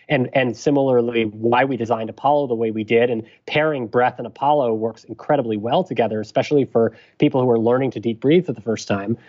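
A man who is a physician guest on a podcast interview, explaining things in a measured, careful way. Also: medium pitch, a little mellow, lo-fi sound.

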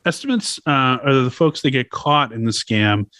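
A man's voice: mid-range voice, animated, moderate pace, bright, forceful tone, dry recording, studio quality. A man hosting a podcast, explaining a topic in a loose, chatty way with laughs and swearing. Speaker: podcast host. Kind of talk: casual chat.

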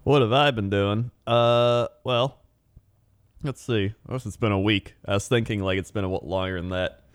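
Low-voiced, easygoing man co-hosting. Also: steady tone, moderate pace, smooth, dry recording, clean studio sound. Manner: easygoing, rambling, laughs a lot. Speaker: podcast co-host. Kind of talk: casual comedic chat.

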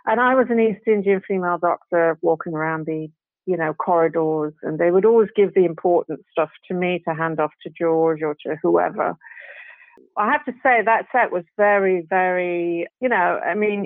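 A woman actress, a guest telling lively anecdotes in a casual chat, sprinkling in British slang. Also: on the low side, no room sound. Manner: chatty, animated anecdotes with British slang and laughs. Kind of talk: casual storytelling interview. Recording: tinny phone line, dry.

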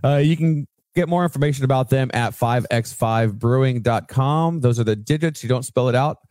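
A man's voice: mid-range voice, moderate pace, a little mellow, no room sound, clean studio sound. A man co-hosting a podcast, reading sponsor plugs and chatting casually with asides and swearing. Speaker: podcast co-host.

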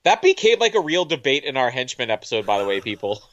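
A man's voice: mid-range voice, sing-song, fast talker, fairly bright tone, no room sound, highs cut off. A man co-hosting a podcast, chatting casually and joking over a film commentary. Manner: laughing, jokey. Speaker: podcast co-host. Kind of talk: casual movie commentary chat.

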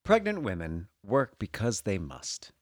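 A man co-hosts a casual chat, making bawdy, self-deprecating jokes. His voice sits on the low side and moves widely in pitch. The sound is dry and close. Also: wildly swooping pitch, measured pace, no echo. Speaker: podcast co-host. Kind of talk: casual chat, reading an advice letter aloud.

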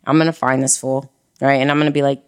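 A woman frankly telling a personal story in casual conversation, animated and full of slang. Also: rumbling low, quick pace, smooth.

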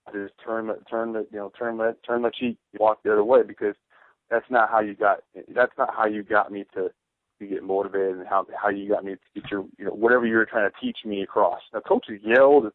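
Emphatic ex-player on sports radio, tinny. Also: male voice, fairly low pitch, fairly even intonation, fairly quick, dry recording. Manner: emphatic storytelling, repeats phrases. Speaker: radio co-host, former pro football player. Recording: tinny phone-like radio broadcast, dry.

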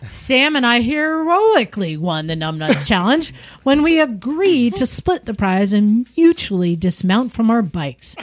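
A woman with a fairly high voice reads a listener's email on a podcast, amused and laughing as she goes. The sound is dry and close. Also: big pitch swings, unhurried, no room sound. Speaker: podcast co-host. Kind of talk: casual chat, reading listener email aloud.

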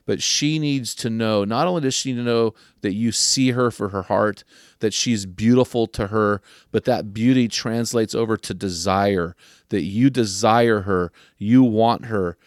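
An older man hosting a podcast, giving earnest advice to men and slowing down to stress key questions. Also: on the low side, no room sound, studio quality. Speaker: podcast host.

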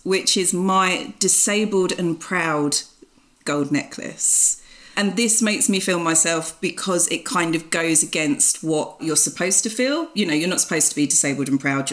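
A woman's voice: sits low, fairly bright tone. A woman in her forties with an Essex accent, a podcast guest talking in a frank, plain-spoken way and laughing easily. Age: 40s. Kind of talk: casual chat.

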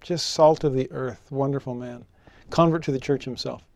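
A man teaching a scripture lesson, telling personal stories with animation and slowing down to read verses solemnly. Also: gravelly, no echo, lo-fi sound. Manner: expressive, rises in pitch for rhetorical questions.

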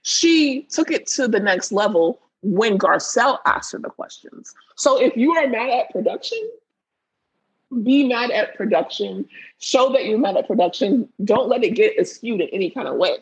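A woman co-hosting a podcast in casual chat, blunt and animated, swearing freely. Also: fairly high pitch, normal speed, slightly rough, dry recording, rough recording. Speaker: podcast co-host.

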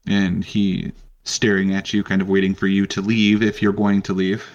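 A man narrating a tabletop game as game master in a relaxed way, with frequent ums. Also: deep voice, moderate pace, muffled recording.

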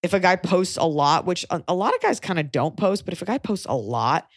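A woman's voice: fairly low pitch, very animated, brisk, no echo. A woman hosting a podcast, giving frank advice in casual chat with joking asides. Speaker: podcast host.

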